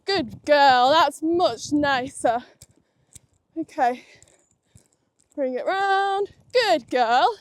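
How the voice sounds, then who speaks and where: A woman's voice: sits high, animated, extremely slow, long pauses, slight background noise. A young woman giving casual commentary while she rides, chatty and full of praise for her horse. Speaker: equestrian vlogger. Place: outdoor riding arena at a stable yard.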